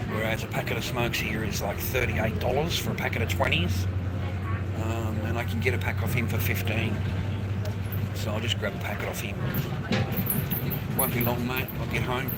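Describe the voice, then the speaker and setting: A man's voice: medium pitch, steady tone, moderate pace, long pauses. A man with an Australian accent, streaming live, talking casually and rambling, swearing freely and calling everyone mate. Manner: rambling, swears a lot, says "mate" constantly. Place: outdoors in a city street and on a bus. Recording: loud street and traffic noise. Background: traffic and city ambience.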